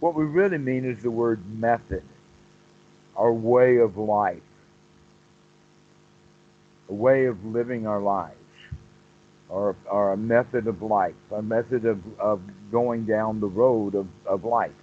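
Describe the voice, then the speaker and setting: Man slowly teaching meditation on a call. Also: on the low side, narrow, tinny audio, slight background noise. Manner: slow, explanatory, repeats phrases. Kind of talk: dharma talk on a call.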